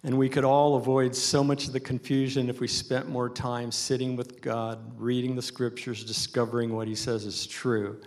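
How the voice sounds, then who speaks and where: A man's voice: mid-range voice, level tone, normal speed, hardly any pauses, darkish tone. Earnest male pastor preaching. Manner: earnest, emphatic preaching with repetition. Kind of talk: sermon.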